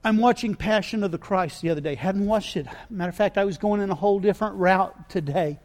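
A male pastor preaching a sermon, swinging from hushed, low lines to loud, shouted ones, with repeated stammering restarts. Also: fast talker.

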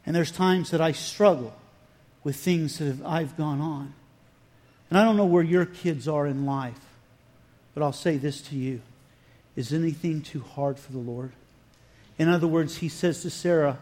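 A man's voice: on the high side, normal speed, pauses often, a little mellow. A man preaching a sermon, retelling scripture dramatically and acting out the dialogue with rising and falling emphasis. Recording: long hall reverb.

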